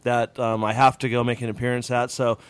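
Blunt, excitable man co-hosting a podcast. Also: mid-range voice, fairly quick, clear, resonant tone, no echo. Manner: blunt, gets loud and heated when riled. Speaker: podcast co-host. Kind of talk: casual chat.

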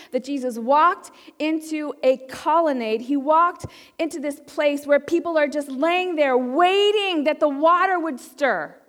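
A woman preacher delivers an impassioned sermon in a high, bright voice. She pushes hard on her points and then drops to a near hush to draw the listener in. Her words ring out with a long reverb in a large sanctuary. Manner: impassioned, swings from loud urging to hushed intimacy.

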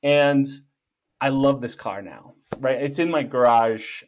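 Middle-aged male guest, lively jokey storyteller, conversational. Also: mid-range voice, slow pace, a little hiss or hum. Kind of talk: casual storytelling.

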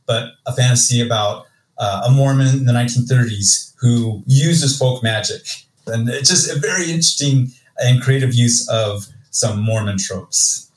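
A man co-hosting a podcast, talking casually through a list of book reviews with steady enthusiasm. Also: medium pitch. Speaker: podcast co-host. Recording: roomy echo, distant from mic.

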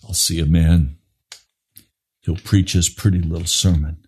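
A man preaching an impassioned sermon, swinging from low grave tones to high urgent pleading. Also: steady tone, measured pace, darkish tone, slightly rough.

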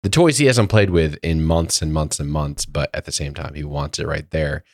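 Very low-voiced man, a bit under the weather. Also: moderate pace, no echo, clean studio sound. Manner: rambling storytelling with many fillers. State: voice lowered by a cold. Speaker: podcast co-host. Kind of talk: casual chat.

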